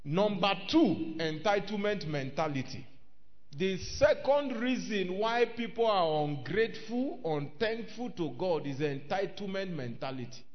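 A man preaching a sermon, reading old-scripture and rising to shouts. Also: high voice, animated, unhurried. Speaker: pastor. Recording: dull lo-fi recording.

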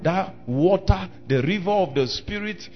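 A man's voice: high voice, animated, a little slow. A man preaching a sermon, repeating phrases for emphasis and asking the congregation questions. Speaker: pastor. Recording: dull lo-fi recording with faint music.

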